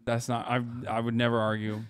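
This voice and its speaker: A man's voice: medium pitch, completely flat delivery, brisk, smooth, no echo. A man hosting a stream, chatting casually with a blunt, sarcastic, profane manner. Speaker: streamer host. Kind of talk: casual reaction-stream chat.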